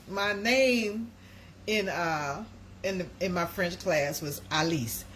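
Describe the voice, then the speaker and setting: A woman's voice: on the low side, slow pace, a bit bright. Brief: middle-aged woman, rambling live-stream host, chatty, noisy home recording. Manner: chatty, rambling, talks to viewers as y'all. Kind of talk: casual live-stream chat.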